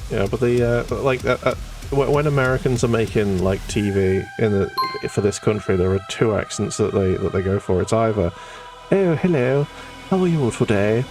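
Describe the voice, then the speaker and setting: Casting: man, low voice, dry and sweary, a bit off-mic over guitar music. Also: steady tone, fairly quick, distant mic. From United Kingdom. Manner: sweary, sarcastic, jokey. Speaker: guest painter. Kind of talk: casual stream chat.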